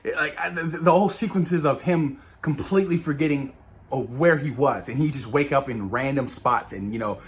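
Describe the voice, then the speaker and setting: A man giving a casual spoiler review of a TV episode, enthusiastic and swearing now and then, dropping low at the ends of his phrases. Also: moderate pace. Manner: enthusiastic, keeps saying "you guys", swears casually. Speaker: show reviewer.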